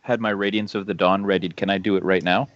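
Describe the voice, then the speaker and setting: Male player, low voice, matter-of-fact, muffled lo-fi sound. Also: steady tone, fast talker, a little hiss or hum. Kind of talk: casual game chat.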